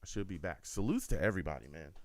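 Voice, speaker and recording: Deep-voiced animated male show host. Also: fast talker, no echo. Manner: animated, repetitive, addresses listeners directly. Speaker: host of a fan radio show. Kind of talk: casual call-in show talk.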